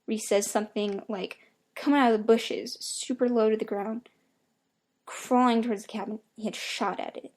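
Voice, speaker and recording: A young woman reads a horror story aloud, her voice sitting a little high. She tells it casually, like a first-person account, swearing freely as she goes. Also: steady tone, normal speed, darkish tone. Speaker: narrator. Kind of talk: creepypasta reading.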